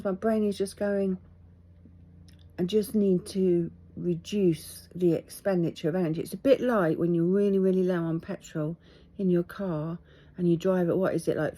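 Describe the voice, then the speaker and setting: A tired middle-aged woman from England, talking to camera in a candid, halting, reflective video diary. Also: lowish voice, mellow. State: tired and teary. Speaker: vlogger.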